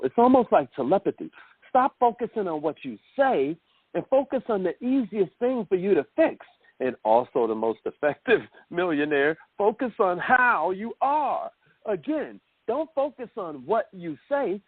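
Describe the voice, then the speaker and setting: Lively male call coach, fairly high voice with swooping pitch, dry phone-line sound. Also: dry recording. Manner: animated, addresses listeners as millionaires. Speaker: self-development coach. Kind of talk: motivational call training.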